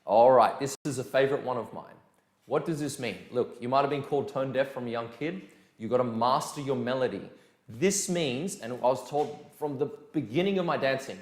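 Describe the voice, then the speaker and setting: A man teaching a dance lesson in a casual, energetic way, counting beats aloud. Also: mid-range voice. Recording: echoey room with music behind.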